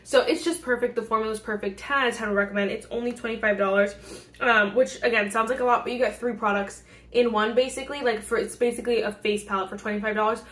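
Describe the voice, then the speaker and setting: A woman's voice: fairly high pitch, fairly even intonation, fast talker, fairly bright tone. Bubbly young woman gushing about makeup. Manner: gushing and bubbly, lots of fillers and laughs. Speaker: beauty vlogger. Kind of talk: casual product review chat. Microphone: phone camera.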